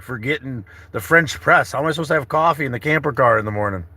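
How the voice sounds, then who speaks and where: A man's voice: mid-range voice, fast talker, hardly any pauses, pushed and bright, slightly rough, dry recording. A man in his thirties chatting casually from inside his camper car, rambling in a laid-back way and calling viewers brother and buddy. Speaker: travel vlogger. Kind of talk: casual morning livestream chat.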